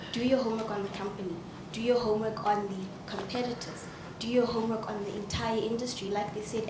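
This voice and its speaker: Woman, emotional emphatic comment, echoey room, loud ambience. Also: medium pitch. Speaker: audience member. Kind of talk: earnest comment from the floor. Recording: echoey hall with noisy ambience.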